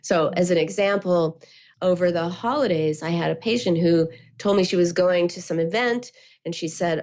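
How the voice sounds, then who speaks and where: A woman, a therapist and author, giving calm, measured answers as a guest and acting out quotes as she explains. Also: fairly low pitch. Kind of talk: interview answers. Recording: muffled lo-fi audio.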